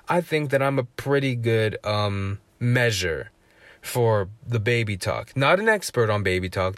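A man ranting in a casual, profane podcast monologue. He swears freely, keeps asking "right?", and rises to loud indignation. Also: fairly low pitch, dry recording. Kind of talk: profane comedic rant.

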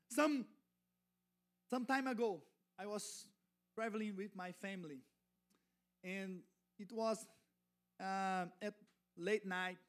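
A man, not a native English speaker, preaching as a guest pastor in halting, self-correcting English that builds to fervent shouting. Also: high voice. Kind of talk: sermon.

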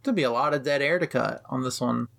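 A young adult podcast co-host with a gravelly, creaky voice at an ordinary pitch. They talk in a relaxed, wry way, full of "like" fillers, as they recap episodes with a friend. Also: quick pace. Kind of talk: casual anime recap chat.

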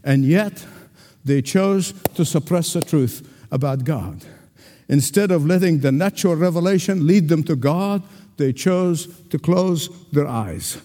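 A male pastor preaching a sermon with emphatic delivery and dramatic pauses. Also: on the high side, mellow. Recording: long hall reverb.

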